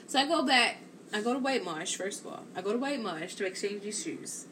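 A woman chatting live to her viewers in a loose, rambling storytelling way, full of "like" and "or whatever." Her voice sits at an ordinary middle pitch. A faint room hum stays underneath her. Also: brisk. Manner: rambling and animated, heavy use of "like" and "or whatever". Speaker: live-stream host.

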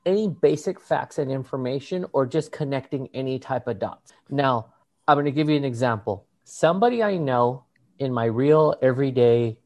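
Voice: mid-range voice, normal speed, a little mellow. A podcast co-host telling a story in casual chat, swearing freely, laughing often and mimicking other people's voices.

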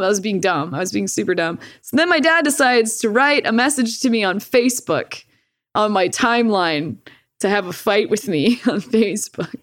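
A woman's voice: mid-range voice, expressive, moderate pace, a bit bright. A woman chatting casually, telling a story, swearing freely, laughing often and acting out the lines she quotes. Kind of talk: casual chat.

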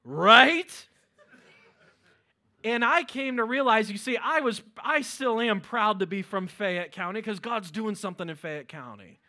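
Energetic Pittsburgh-accented preacher man. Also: high-pitched, unhurried. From Western Pennsylvania. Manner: energetic preaching with shouted exclamations. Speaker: pastor. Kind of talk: sermon.

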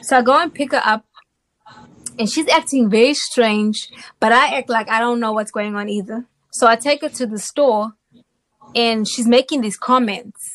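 A woman from South Africa recounts her personal testimony as a guest on an interview show. Her voice sits a little high, and she tells the story in an animated way, often pausing to check in with her listener.

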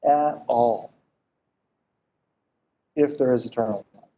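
A man delivers a sermon with a mellow, warm voice. He preaches in an animated, conversational way and keeps throwing questions at the listeners. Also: medium pitch, takes it slowly.

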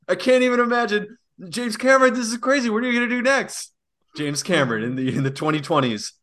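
Animated young man, high voice. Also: quick pace. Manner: animated, swearing, laughs often, mimics voices. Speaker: podcast co-host. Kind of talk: casual podcast chat.

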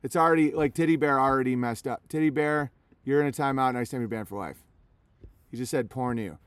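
A man's voice: mid-range voice, a little fast, clear, resonant tone, dry recording. A man live streaming, talking casually to his chat in a rambling way with many restarts.

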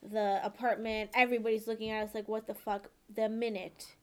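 A young woman telling a long story in casual chat, profane and animated, checking in with "okay?" as she goes. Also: on the high side, brisk, clean tone. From born and raised in the country she lives in.

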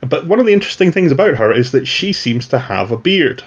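A man's voice: medium pitch, very animated, fast talker, breathy edge. A man running a tabletop role-playing game, narrating in a loose, rambling way with plenty of restarts. His voice sits in an ordinary middle register. The recording sounds a bit dull and lo-fi. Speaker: game master.

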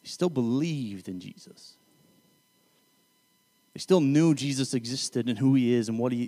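Man, casual Bible teaching, conversational, self-correcting, mid pitch, long reverb. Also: warm tone. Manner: conversational, self-correcting, paraphrasing scripture loosely.

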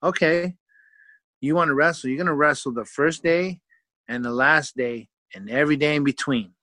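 A man's voice: on the high side, moderate pace, pushed and bright, no room sound. Man doing a firm, strict dad. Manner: firm, clipped, repeats "okay". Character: firm strict father laying down rules.

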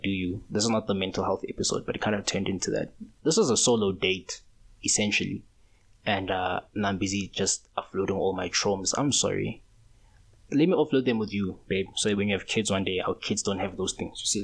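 A young man in his twenties hosting a solo podcast, talking in a casual, rambling, slangy way. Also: fairly low pitch. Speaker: podcast host.

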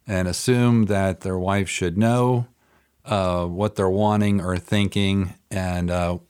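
Deep, unhurried man with a smooth voice. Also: steady tone, a little mellow. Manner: hesitant, with many uh fillers. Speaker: guest.

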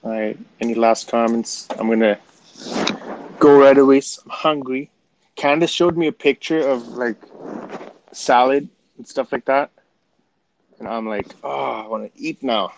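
A man from Canada chats casually on a livestream, talking straight to his viewers and laughing things off. His voice sits at an ordinary middle pitch, and his manner stays relaxed and easygoing throughout. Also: unhurried, long pauses, slight background noise, rough recording. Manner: chatty, laughs things off, addresses viewers directly. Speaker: livestream host.

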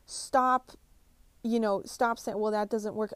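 A woman's voice: fairly high pitch, level tone, moderate pace, no echo. Brief: young woman, brash no-nonsense motivator, heavy swearing, dry close sound. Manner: blunt, swears constantly, pushy pep talk. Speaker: motivational speaker. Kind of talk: profane motivational monologue.

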